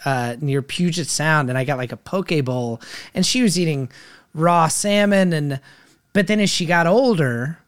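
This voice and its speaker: A man's voice: fairly high pitch, normal speed, clear, resonant tone. Candid, joking man in casual chat. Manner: candid, swears, jokey. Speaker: podcast co-host.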